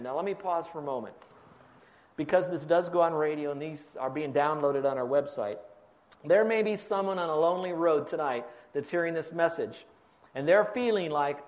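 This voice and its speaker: A man's voice: on the high side, moderate pace. A pastor preaching a sermon, explaining step by step and quizzing his congregation for fill-in answers.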